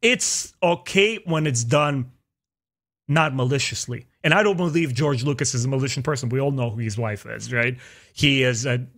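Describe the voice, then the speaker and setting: Animated, opinionated podcast host, man. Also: normal speed. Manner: opinionated, animated, jumps into high pitch for emphasis. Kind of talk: casual chat.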